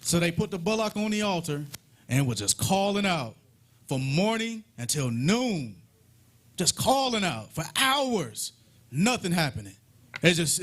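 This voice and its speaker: A man's voice: high voice, a bit bright. A man leading a live Bible study, retelling scripture in a folksy, humorous way with playful mockery.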